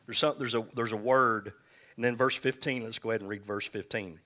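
A man preaching a conversational sermon to a congregation, reading scripture slowly and calling for responses, with joking asides. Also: on the low side, fairly even intonation, sharp tone. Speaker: pastor.

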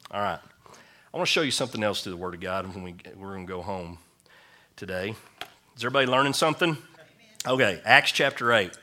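A middle-aged man, a pastor, preaching a sermon at a church service and telling stories with lively acted-out quotes. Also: lowish voice, brisk, pauses often. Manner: animated storytelling with acted quotes.

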